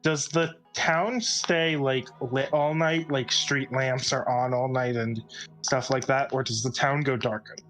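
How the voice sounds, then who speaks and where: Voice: medium pitch, fairly even intonation, measured pace, a bit bright, faint music behind. Curious tabletop player asking questions. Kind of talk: casual tabletop role-play.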